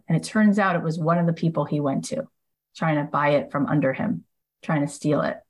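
A woman's voice: low voice, a little fast, rough recording. A woman podcast host telling a story in a casual monologue, acting out the people she quotes, with lots of "like" and "he goes.". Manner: lively storyteller who acts out quoted speakers.

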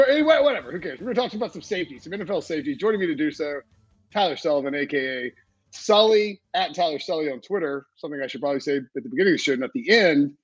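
Husky, rambling podcast host man. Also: on the high side. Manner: rambling, lots of fillers and restarts. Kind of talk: casual chat.

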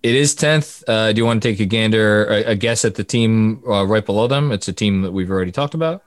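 A man's voice: lowish voice, a little fast, no room sound, clean studio sound. A man co-hosting a casual sports podcast, reeling off statistics and laughing at his own numbers. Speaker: podcast co-host.

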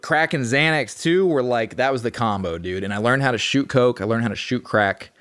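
A man's voice: mid-range voice, brisk, a bit bright, smooth, no room sound, clean studio sound. A man, a podcast guest from Texas, recounting his past in a casual, profane, streetwise way. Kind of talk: casual storytelling.

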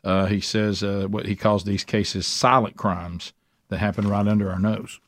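A man's voice: on the low side, little pitch movement, moderate pace, no echo. A man hosting a radio talk show, rambling casually with many restarts. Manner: rambling, lots of restarts and "I mean".

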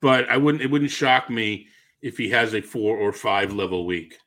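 A man's voice: on the low side, moderate pace, fairly bright tone. A man with a Boston accent co-hosting a sports podcast, thinking aloud in casual chat, correcting himself and laughing easily. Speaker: fantasy baseball analyst, co-host.

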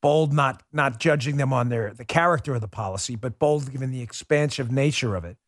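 A man's voice: mid-range voice, brisk, no room sound, studio quality. Fervent man hosting a talk show. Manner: fervent, with repeated rhetorical questions; addresses listeners as folks. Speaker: political talk show host. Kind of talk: opinion monologue to listeners.

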